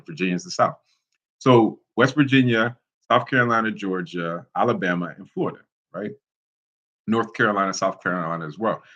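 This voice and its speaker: A man's voice: on the low side, a bit bright, breathy edge. A man from Ohio, hosting his channel and explaining things casually, with loose talk, frequent "right?" tags and self-corrections. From Ohio, United States. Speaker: channel host. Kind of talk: casual explainer talking to camera.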